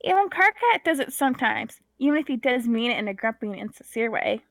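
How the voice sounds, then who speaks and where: A woman's voice: fairly high pitch, big pitch swings, fast, fairly bright tone, dry recording, pitched below the performer's own voice. A woman voicing a playful, cat-loving young troll girl, coaxing and bouncy, with a purring rolled R.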